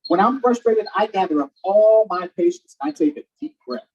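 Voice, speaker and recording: A woman reading the part of a patient, kind father who speaks calmly and reassuringly in a storybook read-aloud. The voice sits mid-range and moves lively, and the audio sounds dull and lo-fi. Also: medium pitch, normal speed, husky. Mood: gentle. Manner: calm, reassuring. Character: patient, kind dad of a young boy.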